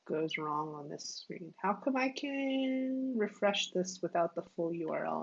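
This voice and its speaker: A woman's voice: on the low side, lively intonation, unhurried, gravelly, hardly any pauses, highs cut off, a little hiss or hum. A woman hosting a casual livestream, thinking aloud and chatting with lots of filler words. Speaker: livestream host. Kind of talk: casual livestream chat while coding. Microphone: wireless earbuds.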